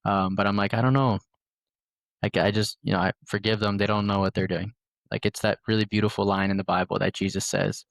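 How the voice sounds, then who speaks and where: Young male podcast host, rambling storyteller, lowish voice, dry close sound. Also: level tone, fairly quick, creaky, no room sound. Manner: rambling storytelling with many fillers. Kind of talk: casual conversation.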